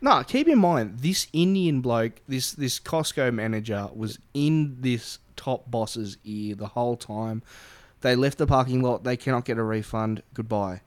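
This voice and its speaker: A man's voice: medium pitch, expressive, measured pace, hardly any pauses. A man co-hosting a podcast, telling a story bluntly with plenty of swearing and jokes. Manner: blunt, profane, joking. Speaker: podcast co-host. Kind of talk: casual storytelling chat.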